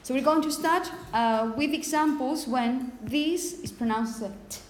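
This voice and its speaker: Woman teaching in an echoey classroom. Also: high voice. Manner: explains slowly with many repetitions and "okay?" checks. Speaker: phonetics teacher. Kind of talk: classroom lecture. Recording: echoey classroom with long reverb, faint hiss.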